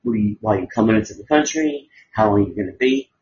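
A man's voice: fairly low pitch, fast, a little mellow, a little hiss or hum. A man hosting a podcast, talking in a rambling, sarcastic way and swearing freely. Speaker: podcast host. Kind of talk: casual crude chat. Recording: dull lo-fi audio.

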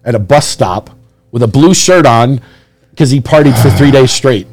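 A man's voice: medium pitch, lively intonation, normal speed, background noise. A man in casual conversation, reminiscing in a chatty way with frequent laughs.

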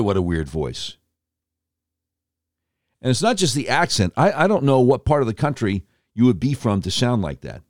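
Sarcastic male commentary host, lively pitch. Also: no echo, studio quality. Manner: sarcastic, mocking. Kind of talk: opinionated talk-radio monologue.

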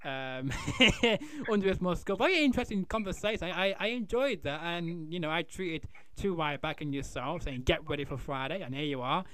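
A chatty, teasing male host who rambles and restarts his sentences. His voice is high and bright, with a forceful edge. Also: expressive, normal speed. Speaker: podcast host. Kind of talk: casual interview chat.

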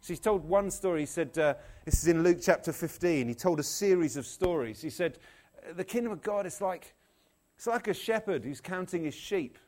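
Brief: male preacher, animated storyteller, slightly high voice. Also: normal speed. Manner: animated storyteller, jokey, acts out the people in his stories. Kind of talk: lively sermon.

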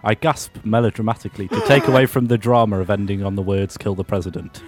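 A British man co-hosting a comedy podcast, narrating silly fan fiction in a deadpan way. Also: lowish voice, fast, music in the background.

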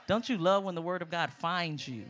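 A middle-aged woman preaching a sermon as a guest speaker, lively and emphatic, calling out to the congregation. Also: lowish voice, normal speed.

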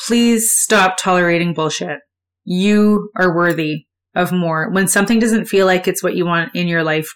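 A woman hosting a solo motivational podcast, talking candidly and conversationally and swearing freely. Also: lowish voice. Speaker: podcast host.

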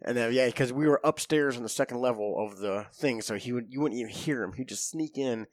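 A man in his thirties spins military stories in a loose, profane way, breaking into laughter and acting out the voices of the people in them. His voice sits at an ordinary pitch. The room is dry and close, with no echo. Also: brisk. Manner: profane, laughing storyteller who acts out quotes. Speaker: podcast guest, former Marine. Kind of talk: casual storytelling chat.

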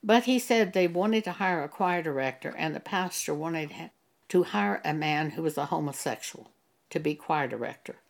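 A woman's voice: low voice, creaky. A woman preaching a sermon in an earnest manner, reading scripture aloud in old-fashioned wording. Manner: slow, earnest, reads scripture aloud in King James wording. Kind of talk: sermon monologue.

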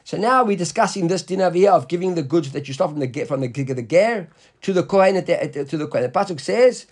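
A man teaching a Talmud class to students in the room, reading the Aramaic text slowly and then explaining it in English, often checking in with questions. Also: fairly high pitch, expressive.

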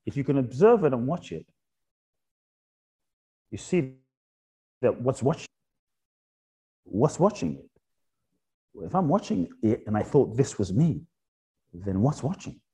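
A man talking as an interview guest in a reflective spiritual conversation. He asks repeated rhetorical questions and drops soft and slow on key points. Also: medium pitch, sing-song.

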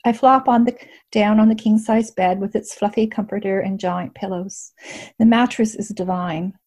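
A woman reading a first-person story aloud in a measured, soft way as an audiobook narrator. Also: medium pitch, fairly even intonation.

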